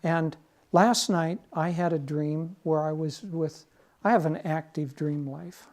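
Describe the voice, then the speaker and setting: A man's voice: fairly high pitch, slow pace, a little mellow. A man as spiritual teacher giving a conversational, lightly humorous talk.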